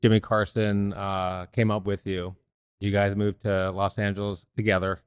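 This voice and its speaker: A man's voice: on the low side, flat delivery, normal speed, clear, resonant tone, no room sound, studio quality. A man hosting a podcast, asking his guest questions that sum up the story first. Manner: leading, summarizing questions. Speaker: podcast host, interviewer. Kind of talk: interview questions.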